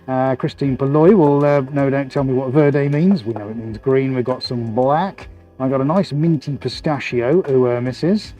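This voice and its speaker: A man's voice: mid-range voice, normal speed, mellow, soft background music. Chatty man hosting a painting stream. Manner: chatty, jokey, laughs often while working. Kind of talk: casual live-stream commentary. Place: art studio, indoors.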